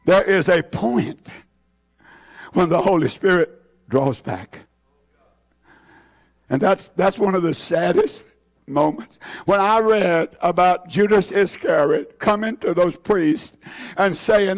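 A male preacher giving a fervent sermon in a church, repeating his phrases with many "uh" fillers and swinging between shouts and hushed tones. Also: high voice, measured pace. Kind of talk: impassioned sermon.

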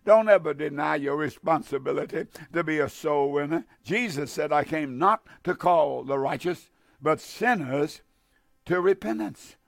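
A man's voice: fairly high pitch, measured pace, vocal fry, no echo, clean studio sound. A man preaching a fervent broadcast sermon, repeating lines and exhorting listeners with frequent fillers.

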